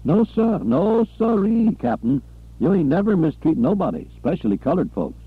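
A man voicing a nervous, pleading male chauffeur who rushes to please, in an audiobook. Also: very animated, slightly rough, dry recording, narrow, tinny audio, heavily acted. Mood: anxious pleading. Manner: high, anxious, hurried pleading.

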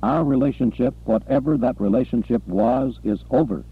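A man voicing a calm, resolute male doctor who speaks quietly and firmly, in an audiobook. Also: medium pitch, vocal fry, husky, narrow, tinny audio. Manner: quiet, measured, firm.

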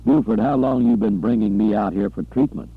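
A man voicing an angry, bullying older captain who yells and demands, in an audiobook. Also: fairly low pitch, wildly swooping pitch, fairly quick, creaky, breathy edge, dry recording, narrow, tinny audio, heavily acted. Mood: angry blustering. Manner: blustering, yelling, domineering.

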